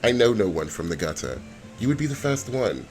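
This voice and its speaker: A man's voice: on the low side, very animated, brisk, music in the background. A man voicing a haughty, snobbish rich woman who talks in a clipped, formal, mocking way. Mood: condescending.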